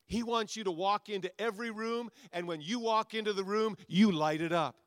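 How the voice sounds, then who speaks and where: Pastor preaching with rising and falling intensity. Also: male voice, moderate pace, no room sound, studio quality. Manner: swings between loud soaring lines and low quiet asides; repetitive, rousing preaching cadence. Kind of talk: sermon. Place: church sanctuary before a congregation.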